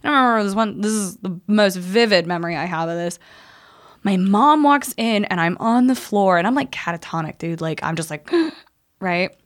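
Woman veteran, 30s, candid podcast guest, profane and animated storyteller. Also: medium pitch, a little fast.

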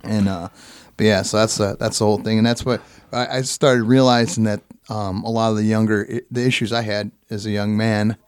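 A man's voice: on the low side, level tone, a little fast, clear, resonant tone, no room sound. Chill guy host telling stories, laughs a lot, swears, dry sound. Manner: laid-back, laughs easily, profane. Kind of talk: casual chat.

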